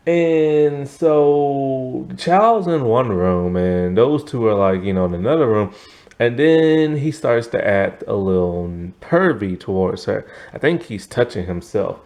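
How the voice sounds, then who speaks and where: A man's voice: mid-range voice, lively intonation, a little slow, a little mellow. A man giving a casual, rambling TV review, tired and yawning, full of asides and fillers. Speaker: TV show reviewer.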